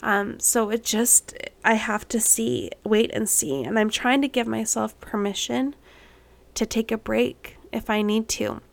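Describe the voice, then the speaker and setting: Woman, 30s, podcast host, late pregnancy, candid rambling monologue, gravelly fry. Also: a little high, a little slow. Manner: candid, rambling, many ums, getting emotional.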